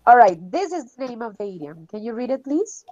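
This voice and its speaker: A woman's voice: on the high side, big pitch swings, fairly quick, darkish tone, no echo. A woman teaching an English class online, encouraging her students and laughing often.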